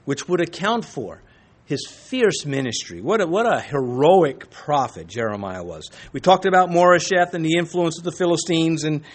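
A man's voice: a little high, animated, moderate pace. A man teaching a Bible lesson in a conversational sermon style, with folksy asides and frequent restarts.

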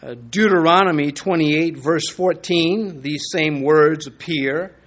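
An older pastor preaches in a loose, conversational way, stopping for asides and restarting phrases. His voice sits a little high for a man. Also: slow pace, a bit bright. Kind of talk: sermon.

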